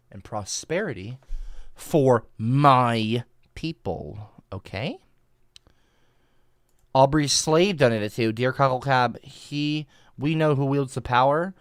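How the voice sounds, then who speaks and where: A man livestreaming through a headset, exasperated, swinging between mumbling and shouting at his chat. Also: medium pitch, no room sound, studio quality. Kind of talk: livestream rant.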